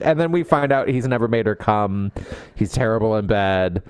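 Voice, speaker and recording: Lively, jokey man podcast co-host. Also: a little high, normal speed, dry recording. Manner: lively, jokey, acts out characters' lines. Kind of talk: casual book chat.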